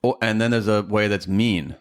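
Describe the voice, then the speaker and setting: A man's voice: on the low side, normal speed, no room sound, clean studio sound. A man co-hosting a podcast in casual chat, making wry joking asides. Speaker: podcast co-host.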